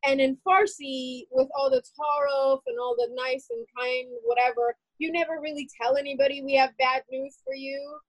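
High-voiced woman telling a personal story. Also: moderate pace, hardly any pauses, no echo, rough recording. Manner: animated, heavy use of "like" fillers. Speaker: interviewee.

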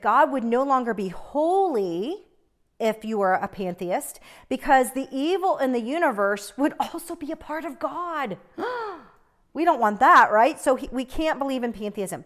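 A young woman teaching a Bible lesson in an earnest, chatty way, often checking in with "right?". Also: fairly high pitch.

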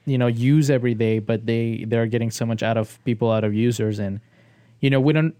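A man co-hosting a casual film podcast, talking in halting, hedging restarts. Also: mid-range voice, fairly even intonation, dark tone, smooth, dry recording. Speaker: podcast co-host. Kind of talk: casual chat.

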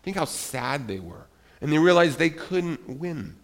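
Animated man teaching a children's Bible lesson. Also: fairly high pitch, measured pace. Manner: animated, asks the kids questions, calls them by name.

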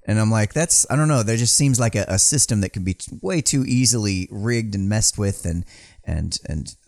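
A low-pitched man, chatting on a podcast in a rambling, casual way. He swears freely and restarts his sentences often. The sound is dry and close, with no room echo. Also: lively intonation, normal speed, creaky, darkish tone. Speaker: podcast co-host. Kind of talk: casual chat. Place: small building.

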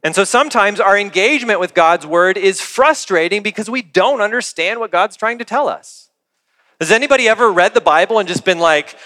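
High, bright-voiced man preaching in a reverberant hall. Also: animated, normal speed. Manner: earnest, conversational preaching with rhetorical questions. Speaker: pastor. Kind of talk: sermon.

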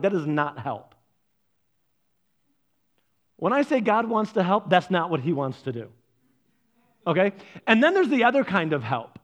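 A man's voice: sits high, dull audio. A man preaching a sermon, telling personal stories and acting out his own reactions. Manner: animated storyteller, acts out his own reactions. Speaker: pastor.

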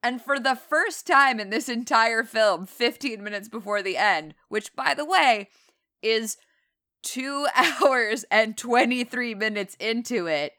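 A woman co-hosts a casual film review podcast, retelling the plot with sarcasm and laughter in an animated way. Her voice is fairly high and she takes her time.

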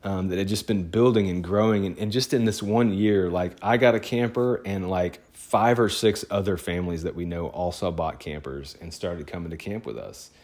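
Man, very low voice, casual storytelling, rambling, excitable. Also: normal speed, few pauses. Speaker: photographer.

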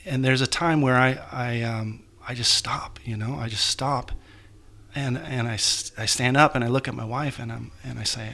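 A man being interviewed as an author, telling a painful personal story in a halting, emotional way with many restarts. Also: mid-range voice, fairly even intonation, vocal fry, pushed and bright. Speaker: guest author.

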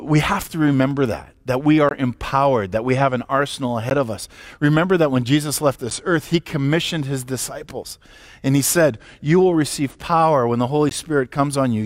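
A man's voice: mid-range voice, no echo. Man preaching with emphatic questions, dry sound. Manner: emphatic preaching with rhetorical questions and occasional restarts. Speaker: pastor. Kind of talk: livestreamed sermon. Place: church or home, recorded for a live stream.

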